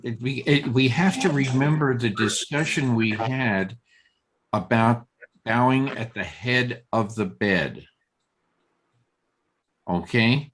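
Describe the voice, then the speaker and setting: Slow, halting man leading a study group. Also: mid-range voice, fairly bright tone, a little hiss or hum. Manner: halting, searching for words, many restarts; reads passages aloud and weighs word emphasis. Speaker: Torah study leader.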